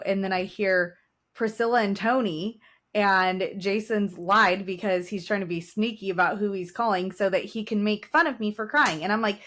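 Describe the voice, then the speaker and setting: A woman in her forties co-hosting a relaxed podcast chat. She talks casually and tells stories with laughter and emotion. Her voice sits in a middle pitch. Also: moderate pace. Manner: chatty, laughing, emotional storyteller. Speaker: podcast co-host.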